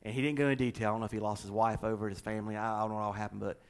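A middle-aged man with a Southern US accent, a pastor chatting casually and telling a story with animated delivery and repeated words. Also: on the low side, very fast, clean tone. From American South. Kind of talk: casual chat with co-hosts.

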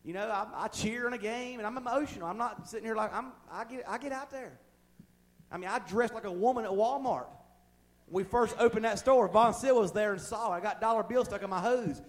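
In a church, a pastor delivers a fervent sermon in a folksy, plain-spoken style, tossing in humorous asides. His high-pitched voice runs a little fast, swelling from quiet passages to loud ones.

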